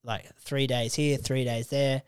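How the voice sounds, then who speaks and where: Animated Australian man telling stories. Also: mid-range voice, clean tone, dry recording, clean studio sound. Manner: animated storyteller, swears freely, does quick character voices. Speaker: comedian guest. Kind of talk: casual podcast chat.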